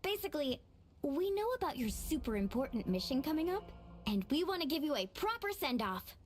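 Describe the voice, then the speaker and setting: A chirpy, enthusiastic young guide. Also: female voice, high-pitched, sing-song, fairly quick. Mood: cheery. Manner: bright, chatty, enthusiastic. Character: cheerful, energetic young woman guide. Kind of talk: game voice acting. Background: game music.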